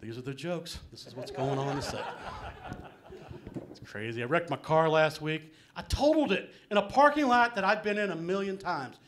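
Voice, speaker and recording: Middle-aged man, stand-up comic, slightly raised pitch, rambling, self-mocking, filler-heavy, small club stage. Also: animated, normal speed, fairly bright tone, a little hiss or hum. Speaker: stand-up comedian. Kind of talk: live stand-up set. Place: small comedy venue with live audience.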